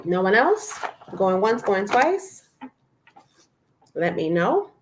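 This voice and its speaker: A woman hosting a live stream, reading affirmations aloud slowly and softly and adding encouraging asides to viewers, with a lilt. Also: medium pitch, big pitch swings, a little hiss or hum, rough recording. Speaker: livestream host reading affirmations. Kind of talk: casual live stream chat.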